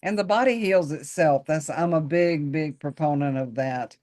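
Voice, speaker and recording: A woman's voice: low-pitched, moderate pace, a little mellow. A woman hosting an interview podcast, encouraging and upbeat, affirming her guest often. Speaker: podcast host.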